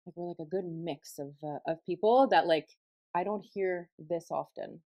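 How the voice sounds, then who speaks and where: A woman's voice: on the low side, moderate pace, dark tone. A young woman hosting a podcast, chatting casually and asking curious, playful questions. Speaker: podcast host. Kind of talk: casual chat.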